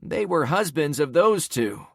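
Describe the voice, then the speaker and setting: A man's voice: on the high side, very animated, a little slow, gravelly, fairly bright tone, dry recording, studio quality, voice pushed up, exaggerated voice. Man voicing a shaken, urgent neighbor. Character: shaken male neighbor, eyewitness in a crowd.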